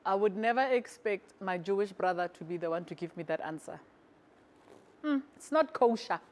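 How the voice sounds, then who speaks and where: A woman's voice: mid-range voice, lively intonation, normal speed, a little mellow. A woman hosting a late-night comedy talk show, cheeky and teasing as she jokes and introduces guests in a TV studio. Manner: cheeky, joking, teasing banter. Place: TV studio with audience.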